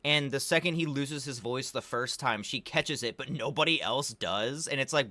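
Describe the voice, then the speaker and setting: A man's voice: mid-range voice, normal speed, pushed and bright, dry recording. A young man giving a rambling, profanity-laced casual recap of a movie, full of fillers. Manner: rambling, swears a lot, heavy on fillers like "like". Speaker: video creator reviewing a movie.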